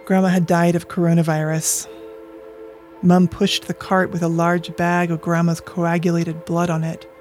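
An adult from Colorado reading personal journal entries aloud in a quiet, measured way, at times dropping into a whisper. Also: mid-range voice, completely flat delivery. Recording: dry close mic with faint music.

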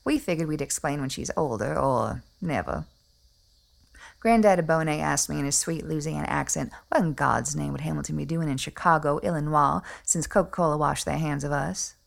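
A woman's voice: low voice, moderate pace, creaky. A woman playing a snobbish, wealthy middle-aged Southern belle mother with an Atlanta accent, speaking in a prim, genteel and condescending way in a comic monologue. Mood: haughty.

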